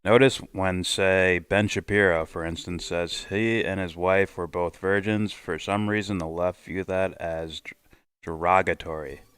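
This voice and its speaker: Deep-voiced man hosting a reaction stream. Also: fairly even intonation, unhurried, a bit bright, clean tone, dry recording. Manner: rambling, argumentative, reads chat aloud. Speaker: livestream host. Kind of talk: casual reaction stream chat.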